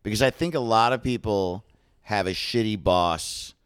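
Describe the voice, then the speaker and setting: A man's voice: lowish voice, normal speed, smooth, no echo, studio quality. A man co-hosting a podcast in casual chat, tired and joking, laughing often. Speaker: podcast co-host.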